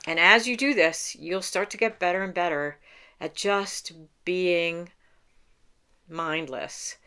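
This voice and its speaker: Low, smooth-voiced woman meditation coach. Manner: calm, unhurried, explains step by step with small laughs. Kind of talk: instructional talk to camera.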